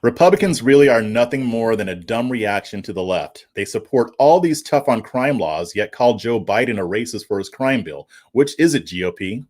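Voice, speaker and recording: Reading out viewer comments on his political livestream, a man with a medium-pitched, darkish voice speaks at a normal rate with lively intonation and barely pauses. His manner is casual and chuckling, and he regularly fumbles and repeats words.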